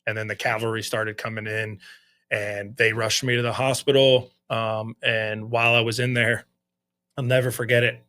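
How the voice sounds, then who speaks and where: A man's voice: lowish voice, level tone, moderate pace, pushed and bright. Candid man retelling a close call. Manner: candid, retelling in quoted inner thoughts. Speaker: sheriff's lieutenant, guest. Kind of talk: casual storytelling interview.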